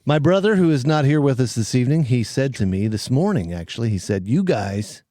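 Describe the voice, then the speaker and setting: A man's voice: mid-range voice, lively intonation, fast, mellow, dry recording. Male host, casual chat, rambling and giggly, dry basement recording. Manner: rambling, laughs often, restarts phrases. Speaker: podcast host. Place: home basement.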